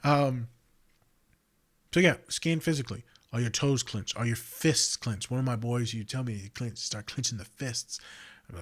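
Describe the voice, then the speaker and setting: A man hosting a podcast, a counselor talking in a blunt, profane and animated way that swings from loud outbursts to quiet reflection. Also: mid-range voice, normal speed. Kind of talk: casual monologue.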